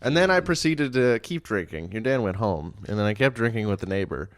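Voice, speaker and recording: A man swaps stories in a relaxed podcast chat, his voice swooping up and down as he laughs through a tale. He sounds worn out after a night shift. The sound is dry and close. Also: fairly low pitch, brisk, no echo. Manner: laughs a lot, animated storytelling. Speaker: podcast co-host. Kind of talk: casual chat.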